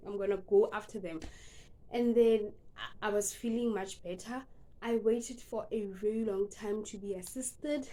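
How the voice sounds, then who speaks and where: A woman's voice: a little high, darkish tone. Earnest young South African woman. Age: young adult. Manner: earnest and emotional, with casual asides. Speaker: vlogger. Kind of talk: personal storytelling.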